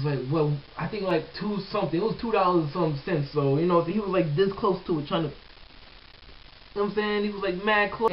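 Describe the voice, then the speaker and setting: A young man with a high voice tells a rambling, profane story, packed with fillers and asides. He sounds set back from the mic, and the recording is dull and lo-fi. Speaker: vlogger. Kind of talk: casual storytelling. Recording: distant, dull lo-fi webcam sound.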